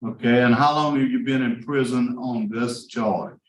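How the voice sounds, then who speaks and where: A man's voice: medium pitch, fairly even intonation, moderate pace. Plain-spoken man questioning in a roomy hall. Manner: plain-spoken, probing, many fillers. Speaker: parole board member. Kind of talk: interviewing at a hearing. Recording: roomy hearing room with faint noise.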